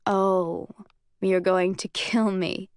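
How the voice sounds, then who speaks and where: A cool, self-assured young commander drawls with quiet amusement, as a woman reads him in an audiobook. the voice sits at a middling pitch and the recording is dry and close. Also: level tone, drawn-out words, no room sound. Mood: amused.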